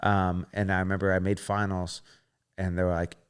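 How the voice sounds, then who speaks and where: Low voiced guy in his 30s on a podcast, cusses a lot, acts out quotes. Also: moderate pace, smooth. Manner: animated, swears often, acts out quotes. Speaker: podcast guest, former gymnast. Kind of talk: casual storytelling interview.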